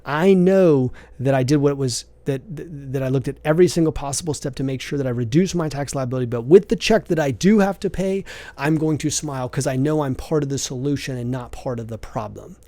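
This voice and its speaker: Man, podcast host, earnest and preachy, mellow voice, dry close sound. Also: mid-range voice, fairly quick, no room sound. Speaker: podcast host, business coach. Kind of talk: motivational podcast monologue.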